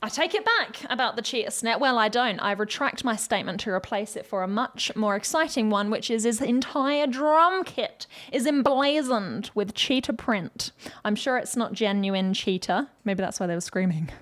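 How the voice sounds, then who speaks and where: A woman's voice: fairly high pitch, animated, normal speed, a bit bright. A woman vocal coach giving playful, chatty commentary in a reaction video, breaking into short sung demonstrations. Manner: playful, demonstrates vocal sounds mid-explanation.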